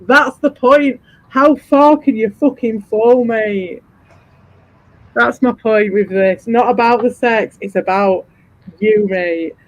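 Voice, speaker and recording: A man's voice: very high voice, takes it slowly, dry recording. A man hosting a livestream, ranting sarcastically and swearing a lot, mocking people in put-on voices. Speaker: livestream host. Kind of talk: heated livestream rant. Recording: dull lo-fi stream audio.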